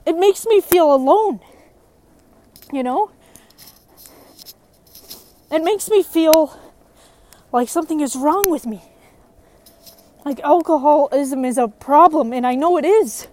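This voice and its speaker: A woman's voice: high voice, animated, slow, pauses often, warm tone. A young woman in recovery telling her own story, frank and emotional, her voice rising when she gets frustrated. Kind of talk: personal testimony.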